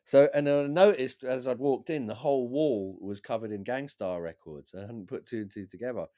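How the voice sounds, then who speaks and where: Man, podcast guest, animated storyteller, swears a lot, dry close sound. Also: mid-range voice, normal speed, no room sound. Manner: animated, swears freely, acts out quotes. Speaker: podcast guest, DJ and beat maker. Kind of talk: casual storytelling chat.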